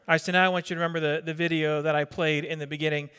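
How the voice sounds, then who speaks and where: Middle-aged male pastor from New Jersey, high chatty sermon voice, reverberant hall. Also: level tone, rapid-fire, few pauses, a bit bright, smooth. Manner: conversational, quizzes the congregation, repeats words.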